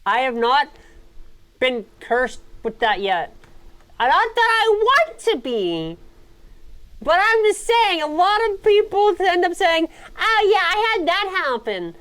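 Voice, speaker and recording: A woman VTuber chats casually on her live stream, playful and giggly, swinging between squeaky highs and mumbled lows. Her delivery is sing-song, slow, and a bit bright.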